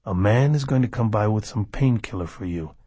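A man putting on a low, quiet gang boss who brooks no argument. The voice is husky and close, curt and commanding. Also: animated, fairly quick, dry recording.

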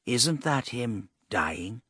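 A man's voice: medium pitch, sing-song, drawn-out words, fairly bright tone, slightly rough, no echo, clean studio sound, heavily acted. A man voicing an ancient giant male serpent spirit, proud and easily irritated. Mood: murmuring. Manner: huffy, incredulous.

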